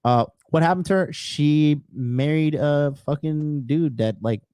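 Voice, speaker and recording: A man's voice: fairly high pitch, measured pace, mellow, clear, resonant tone, no echo. A man telling brash, profane, boastful stories in a casual podcast conversation. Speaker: podcast guest.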